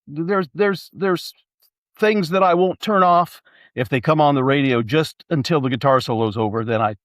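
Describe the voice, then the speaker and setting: A man's voice: a little high, moderate pace, dry recording, clean studio sound. A man in casual chat, rambling and hesitant as he works through his thoughts. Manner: rambling, hesitant, many fillers and restarts.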